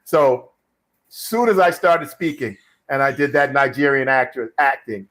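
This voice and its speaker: Man, middle-aged, live stream host, casual advice chat, rambling, many fillers, medium pitch. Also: a little slow, a bit bright. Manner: rambling storyteller, frequent fillers and restarts. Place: home studio.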